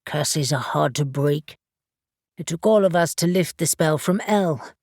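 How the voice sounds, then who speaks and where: A calm male witch from an audiobook, speaking low and steady as he works through a problem, as a woman narrator puts him on. The voice sits deeper than her own, with a measured, explanatory manner. The recording is dry and close. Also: no echo. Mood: focused. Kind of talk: audiobook character voice.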